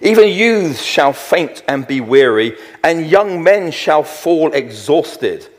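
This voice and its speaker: A middle-aged man preaching a sermon, slowing down to read scripture verses with weight and emphasis. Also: a little high, sing-song. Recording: long hall reverb.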